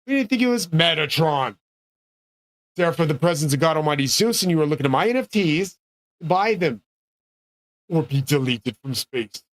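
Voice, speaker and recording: A man's voice: fairly high pitch, lively intonation, fairly quick, no room sound. A man delivering a rambling solo monologue, ranting in a profane, grandiose way. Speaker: streamer.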